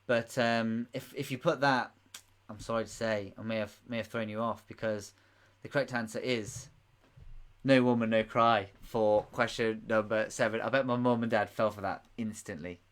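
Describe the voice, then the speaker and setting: A man's voice: lowish voice, steady tone, moderate pace. A man in his late twenties hosting a live quiz, chatting in a jokey, giggly way with rambling asides, close to his microphone. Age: late 20s. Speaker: quiz host. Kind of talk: live-streamed quiz answers. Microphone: microphone close to the mouth.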